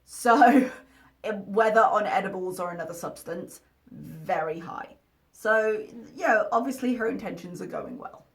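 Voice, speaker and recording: A woman's voice: medium pitch, big pitch swings, unhurried. A woman commentating over a video she is reacting to, talking in a candid, critical and chatty way.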